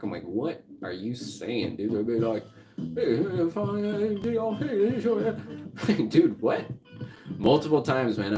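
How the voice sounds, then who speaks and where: Man streamer, lower voice, casual profane chatter to chat, music behind. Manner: rambling, profane, often laughing. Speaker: livestreamer.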